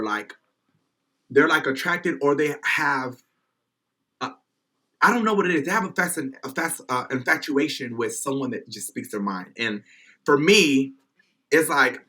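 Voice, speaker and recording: A man's voice: mid-range voice, animated, a little slow, pushed and bright. A man from Miami, a guest on a podcast, talking bluntly and outspokenly in casual chat.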